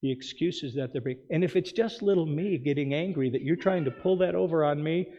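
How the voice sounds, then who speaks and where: A male pastor preaching a sermon, with emphatic rhetorical questions and quick asides. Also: on the high side, dark tone. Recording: dull sound with long hall reverb.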